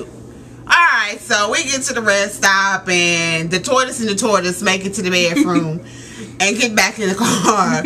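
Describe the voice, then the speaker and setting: A woman in her thirties telling a story in a casual, animated rant, laughing and exclaiming as she goes. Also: mid-range voice. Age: 30s. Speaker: vlogger.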